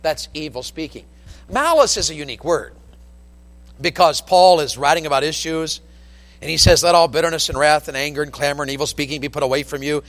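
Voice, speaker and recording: A man preaching a sermon from the pulpit, telling folksy stories in an animated, down-home way. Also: fairly high pitch, a little fast, big-room sound. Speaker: pastor. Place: church sanctuary with long reverb. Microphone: pulpit microphone.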